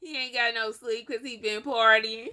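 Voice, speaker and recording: A woman friend teasing and joking in quick slangy banter. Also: a little high, steady tone, crowd noise. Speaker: friend commenting on the prank. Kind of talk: casual chat.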